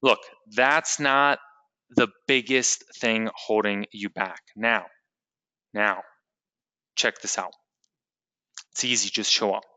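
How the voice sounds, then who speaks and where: Upbeat man pitching in a webinar. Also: fairly even intonation, slow, long pauses, bright, forceful tone, dry recording. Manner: enthusiastic, salesy, talks straight to the audience. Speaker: webinar presenter. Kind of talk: live sales webinar teaching.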